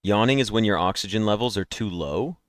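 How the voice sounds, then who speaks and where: A man's voice: lowish voice, fairly quick, dry recording. A man streaming daily guessing games, chatting and rambling nonstop to his viewers through a headset mic while yawning. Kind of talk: casual live-stream chat.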